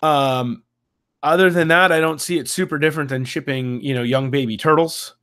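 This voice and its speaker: A man's voice: on the high side, moderate pace, fairly bright tone, smooth. Hesitant male podcast co-host. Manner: hesitant, many restarts and fillers. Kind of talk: casual chat.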